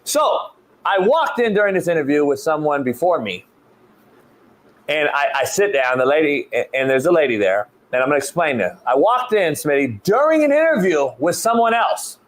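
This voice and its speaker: Animated, profane male show host. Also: a little high, moderate pace. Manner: animated, profane, repeats and restarts words. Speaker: show host, football coach. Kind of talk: casual sports talk storytelling.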